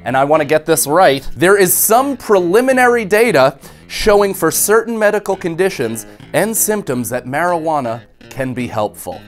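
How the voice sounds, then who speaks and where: Young male comedy news host, sarcastic, slightly high voice, faint music bed. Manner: sarcastic, jokey, slips into put-on voices.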